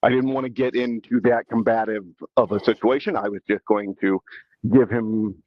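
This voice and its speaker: A man's voice: fairly low pitch, steady tone, normal speed, no room sound, lo-fi sound. A man hosting a podcast and telling a story in a casual, rambling way, with many restarts. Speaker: podcast host.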